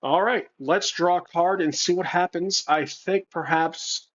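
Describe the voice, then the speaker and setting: Brief: man narrating his own solo game, unhurried and thinking aloud, muffled home mic. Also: high-pitched, fairly bright tone. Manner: thinking aloud, unhurried, with fillers and self-corrections. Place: home room with a cat.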